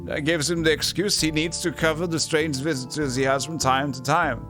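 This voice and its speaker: A man's voice: a little high, steady tone, normal speed, music in the background, pitched above the performer's own voice, close to an everyday voice. A man voicing a solemn older male temple lector in a computer role-play game, speaking in grave, formal pronouncements. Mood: stern, solemn.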